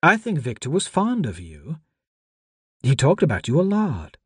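A man's voice: on the high side, huge pitch swings, normal speed, slightly rough, dry recording, clean studio sound, voice pushed up, full character voice. A man voicing a tearful grieving young woman. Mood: earnest.

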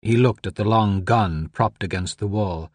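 A man's voice: lowish voice, measured pace, slightly rough, no room sound. Man narrating an audiobook, dry and close. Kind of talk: scripted narration.

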